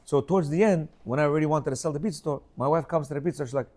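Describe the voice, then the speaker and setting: A man's voice: fairly high pitch, rapid-fire, few pauses, darkish tone. A middle-aged man telling a rambling personal story with many restarts and acted quotes, as host of a casual talk.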